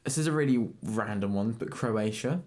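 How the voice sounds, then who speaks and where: A man's voice: lowish voice, moderate pace, darkish tone. A young man in his twenties co-hosting a podcast, chatting casually and rambling with frequent laughs. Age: 20s. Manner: rambling, laughs often, swears. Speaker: podcast co-host. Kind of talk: casual chat.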